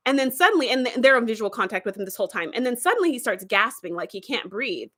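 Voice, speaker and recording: A woman hosting a show, casually retelling an episode in a chatty, animated way with plenty of fillers. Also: on the high side, fast talker. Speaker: host.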